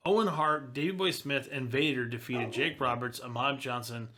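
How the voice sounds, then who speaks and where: A man's voice: medium pitch, expressive, normal speed, bright, forceful tone. Male podcast co-host reading wry history notes. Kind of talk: casual podcast chat.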